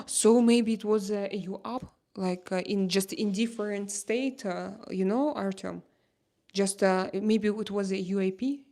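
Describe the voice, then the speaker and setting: Russian-accented woman hosting a livestream chat, unhurried and halting, with a creaky edge. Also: mid-range voice, warm tone. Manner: halting, many fillers and restarts. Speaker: livestream host. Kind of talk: casual livestream chat reading comments.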